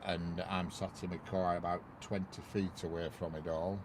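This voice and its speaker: A northern English railway livestreamer chats casually from his parked car near a railway bridge, rambling and greeting viewers by name. His low-pitched voice barely moves in pitch and keeps a normal speed. A wireless clip-on mic inside the car picks up a noisy background.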